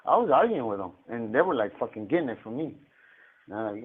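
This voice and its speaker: This is a man talking over a tinny prison phone line, with a voice of ordinary pitch. He rambles and swears, stammering and doubling back on his words as he tells his story. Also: sing-song, fast talker, husky. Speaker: inmate on a collect call. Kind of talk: casual storytelling.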